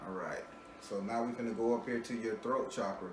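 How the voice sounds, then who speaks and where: A man gives a client a spiritual reading in a loose, joking way, swearing freely and laughing between points. He stumbles and repeats words as he restarts. His voice sits back from the mic in a roomy space, with steady background noise behind it. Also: lowish voice, brisk, distant mic. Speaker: spiritual reader giving a tarot reading.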